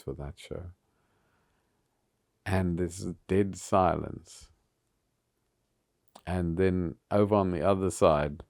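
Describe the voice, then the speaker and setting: A man's voice: low-pitched, vocal fry, a little mellow, no room sound, studio quality. A man, telling theatre stories with frequent chuckles. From South Africa. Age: 70s. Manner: anecdotal, chuckles often between phrases. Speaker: theatre founder being interviewed. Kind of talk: reminiscing storytelling.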